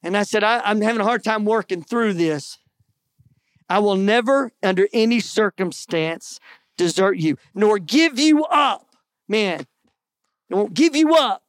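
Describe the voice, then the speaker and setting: A man's voice: very high-pitched, sing-song, a little slow, a bit bright, no echo. Earnest man preaching, dry sound. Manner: earnest, conversational preaching with folksy asides. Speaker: pastor. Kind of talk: sermon.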